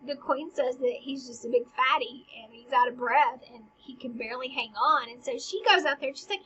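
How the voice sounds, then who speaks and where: A woman's voice: sits high, a little fast, hardly any pauses, a bit bright, breathy edge, dull audio. A woman, as a teacher, chattily retelling a stage play in everyday words, laughing and saying "like" often.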